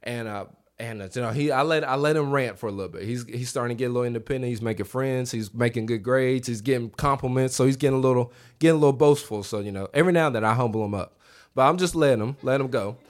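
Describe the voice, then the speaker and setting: Brief: thirties male preacher, middle-pitched voice, chatty revival sermon, full of restarts and asides to the room. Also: fast. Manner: animated, voice rising high when acting out quotes; conversational, many restarts and asides to the congregation. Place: church sanctuary.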